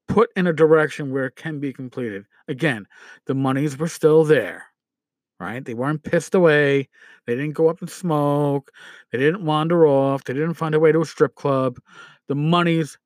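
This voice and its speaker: A man's voice: a little high, dry recording. A man hosting a casual podcast, ranting with swearing, fillers and restarts. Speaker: podcast host. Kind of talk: casual solo podcast commentary.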